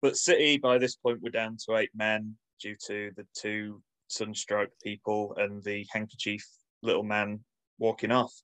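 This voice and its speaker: A man's voice: lowish voice, level tone, measured pace, a bit bright, no room sound, rough recording. A man co-hosting a casual chat, reading passages from a book aloud and riffing on them wryly, with an accent close to Manchester. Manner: wry, reads aloud then riffs. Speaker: podcast co-host reading from a book.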